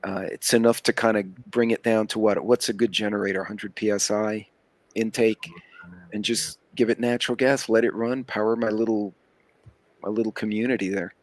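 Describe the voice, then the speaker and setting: Low-voiced man in a dry recording. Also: fairly even intonation, moderate pace, no room sound. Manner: rambling, laid-back explaining. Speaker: livestream panelist. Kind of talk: casual chat.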